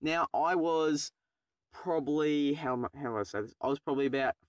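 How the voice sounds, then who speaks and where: A young Australian YouTuber recounts his driving test in a casual storytelling vlog, rambling, swearing and poking fun at himself. His voice sits on the high side and moves briskly, with no room sound.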